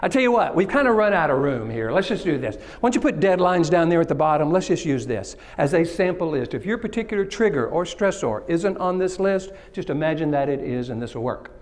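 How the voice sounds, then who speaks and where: High-voiced joking Texas-born keynote speaker. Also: male voice, sing-song, fairly quick, hardly any pauses. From Kilgore, Texas. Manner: engages the audience, jokes and asks questions. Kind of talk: interactive keynote talk. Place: conference stage.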